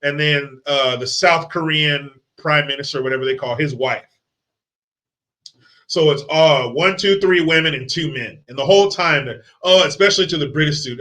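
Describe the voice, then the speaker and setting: A man's voice: a little high, moderate pace, a bit bright. A man ranting in a movie commentary, profane, sarcastic and heated. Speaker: movie reviewer.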